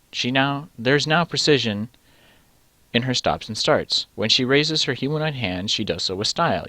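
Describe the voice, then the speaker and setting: This young man, a let's-play host, has a medium-pitched, fairly bright voice captured in a dry recording. He reads a choose-your-own-adventure game aloud, wandering through his decisions, cutting sentences short and dropping casual swears.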